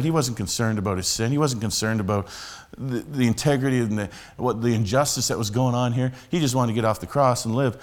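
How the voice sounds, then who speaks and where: A man's voice: mid-range voice, a little fast, few pauses. A man, a street preacher telling a story and teaching in a conversational sermon style with many restarts.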